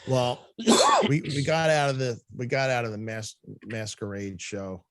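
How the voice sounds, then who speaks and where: A man's voice: medium pitch, wildly swooping pitch, a little slow, a bit bright, dry recording. A man telling a casual story on a podcast, swearing freely, laughing often and acting out the voices of the people in it. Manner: profane, laughing, acts out quoted voices. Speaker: podcast co-host.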